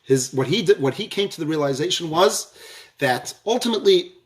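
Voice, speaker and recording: A man giving a storytelling lecture on a religious theme, halting often and repeating words as he goes. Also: on the high side, expressive.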